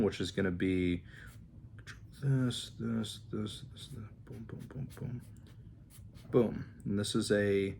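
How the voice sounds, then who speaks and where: A man in a casual vlog, relaxed and rambling, thinking aloud with fillers and restarts while he shows his flashcards. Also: on the low side, slight background noise. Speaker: language-learning vlogger. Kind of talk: casual demonstration talk.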